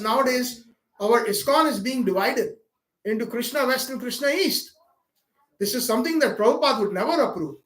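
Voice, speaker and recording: A man's voice: very high-pitched, fairly bright tone, echoey room. A man giving a sermon at a home program, telling a devotional story and acting out its dialogue, with fillers and repeated words. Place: home gathering room.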